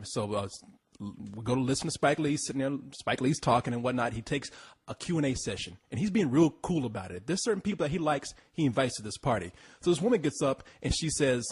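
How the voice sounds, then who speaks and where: A man's voice: animated, fast, slightly rough. A man co-hosting a podcast, telling a long story in casual chat, swearing often and stumbling over repeated words. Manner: rambling, swears freely, repeats words, pitch leaps when mimicking. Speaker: podcast co-host.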